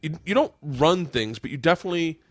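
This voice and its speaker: A man's voice: fairly high pitch, expressive, a little fast, no echo. A man in his forties hosting a podcast, telling stories in a rambling, profane way and acting out what others said. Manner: rambling, profane storytelling with acted-out quotes. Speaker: podcast host. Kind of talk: casual podcast chat. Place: home studio room.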